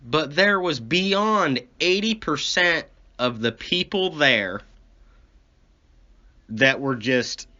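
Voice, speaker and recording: Casting note: a slow, profane rambling storyteller, a man, on a muffled lo-fi recording. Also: on the high side, pushed and bright. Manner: profane, ranting, complaining. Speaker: comedy podcast host. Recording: dull lo-fi recording.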